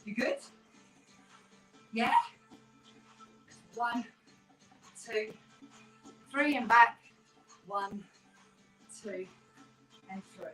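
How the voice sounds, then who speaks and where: Her fairly bright, slightly high voice draws out words and pauses often as she coaches a home workout class, chatty, encouraging and a little breathless while counting reps with viewers. She's a fitness instructor in a small room of a terraced house. A camera mic across the room gives a roomy, far-off sound with faint workout music underneath.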